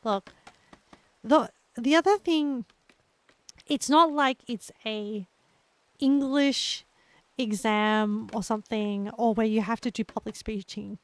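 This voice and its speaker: Australian woman streamer, young adult, unhurried and reassuring, slightly high voice. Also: fairly even intonation, dry recording. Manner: gentle, encouraging, laughs often. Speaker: livestreamer. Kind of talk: casual chat with live viewers.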